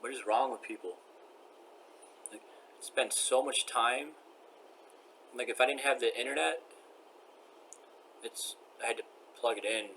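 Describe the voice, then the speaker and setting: A man's voice: mid-range voice, a little slow, long pauses, pushed and bright, slight background noise. An upset man venting in a personal vlog rant, agitated, rambling and repeating himself.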